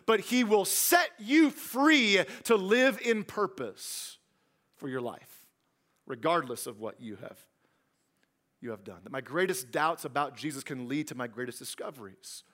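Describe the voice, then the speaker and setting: Dynamic high-voiced male preacher. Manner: dynamic preacher, storytelling with humor, swings from hushed to loud. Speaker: pastor. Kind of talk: sermon.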